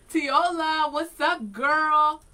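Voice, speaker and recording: A woman's voice: high-pitched, rough recording. A woman in her forties co-hosting a casual morning show, laughing often and reading listener comments aloud. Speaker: co-host.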